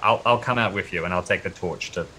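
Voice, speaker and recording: A man playing a tabletop horror game, speaking hesitantly with many pauses and ums. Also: sits low, pushed and bright, slight background noise. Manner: hesitant, halting, lots of um. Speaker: player.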